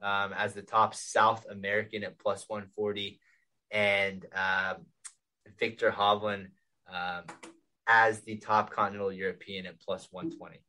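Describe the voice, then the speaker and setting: Low, flat-voiced man giving picks. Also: measured pace, low-quality recording. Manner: steady, many "um" fillers. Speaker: podcast co-host, golf betting analyst. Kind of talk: reading betting picks.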